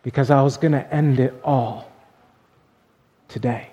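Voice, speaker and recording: A man voicing a despairing male store clerk in a sermon story, speaking low and subdued. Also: steady tone, a little slow, dark tone, breathy edge, in a large hall, highs cut off.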